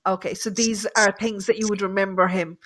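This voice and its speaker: This medium keeps a steady tone in a medium-pitched, slightly bright voice and talks fairly quickly. She works through a live reading with a caller, reassuring and chatty, thinking aloud with many fillers.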